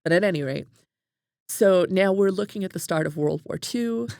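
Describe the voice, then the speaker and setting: A woman's voice: fairly low pitch, normal speed, gravelly, no room sound, clean studio sound. A woman co-hosting a casual book podcast, retelling a life story with lots of "like" and quoted asides. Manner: animated storytelling, many "like"s. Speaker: podcast co-host.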